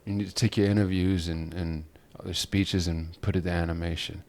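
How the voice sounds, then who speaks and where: A man with a fairly low voice spins a long, animated story on a podcast. He rambles, circles back and laughs often in easy, casual chat. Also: a little fast. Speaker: podcast co-host.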